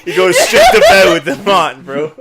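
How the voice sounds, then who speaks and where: A man co-hosting a podcast, laughing and swearing in animated banter. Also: high-pitched, a little slow, crowd noise. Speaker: podcast co-host. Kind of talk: casual chat.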